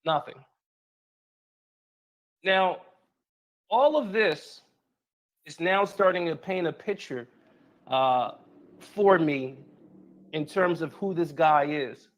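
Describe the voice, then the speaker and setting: A man recounting events and reading out messages in a plain, slightly halting way. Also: a little high.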